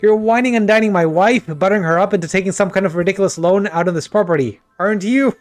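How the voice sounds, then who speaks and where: A man doing a shrill, blustering jealous husband. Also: animated, moderate pace, soft background music. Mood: accusing. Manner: shouting, indignant, shrill. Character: blustering, jealous middle-aged male police official.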